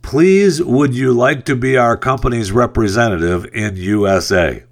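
A man's voice: mid-range voice, moderate pace, voice pushed up, natural voice. A man voicing an overly polite male sender of a business email. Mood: pleading.

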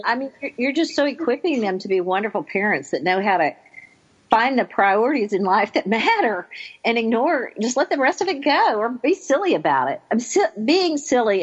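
Middle-aged female guest, chatty, lo-fi line. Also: mid-range voice. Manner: warm, chatty, repeats words as she talks. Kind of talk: casual radio chat.

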